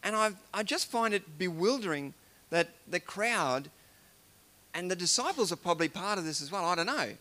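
A man's voice: sits high, expressive, moderate pace, bright, forceful tone. A man giving an informal devotional talk, musing aloud and retelling scripture in everyday words. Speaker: preacher.

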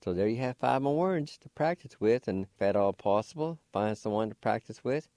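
A man hosting a radio language lesson, slowly spelling words and patiently repeating each pronunciation. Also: fairly low pitch, animated, dark tone, no echo, clean studio sound. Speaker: language teacher and radio host. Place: radio studio.

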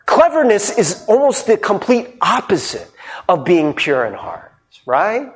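A young man preaching a sermon, his voice sitting high and swinging widely in pitch. He talks in a loose, conversational way, acting out little voices of the people he describes. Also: unhurried. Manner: animated, conversational, laughs and mimics people. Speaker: pastor.

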